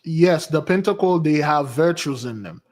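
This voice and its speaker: A man hosting a spiritual channel, telling rambling personal stories in a casual, animated way and answering viewer questions, often restarting sentences and jumping up in pitch to quote women. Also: moderate pace. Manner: jumps to a higher voice when quoting women. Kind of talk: casual storytelling and Q&A stream.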